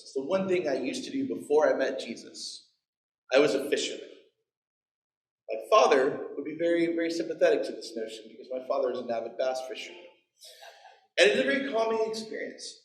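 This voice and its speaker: Guy in his 40s giving a sermon, jokey asides, acts out the quotes, bouncy voice, echoey church sound. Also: fairly high pitch. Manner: animated storytelling with playful asides and acted-out quotes. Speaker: pastor.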